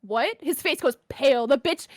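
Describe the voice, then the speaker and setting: A young woman, a podcast guest, telling a story in casual chat, animated and swearing freely with lots of "like". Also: high-pitched, fast, dry recording, studio quality.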